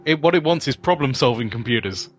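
A man's voice: medium pitch, lively intonation, fast talker, faint music behind. Joking British man chatting on a podcast. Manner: jokey, recites old jingles. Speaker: podcast co-host. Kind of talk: casual chat.

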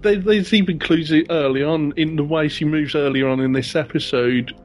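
A man co-hosting a casual podcast chat about a TV episode, chatty and quick to laugh. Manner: chatty, giggly, acts out quotes with rising pitch. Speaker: podcast co-host.

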